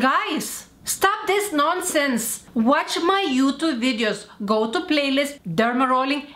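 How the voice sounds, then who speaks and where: A woman vlogging a heated, blunt rant about skincare, repeating herself and swearing, yelling at times. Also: high-pitched, roomy sound. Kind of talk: angry ranting vlog.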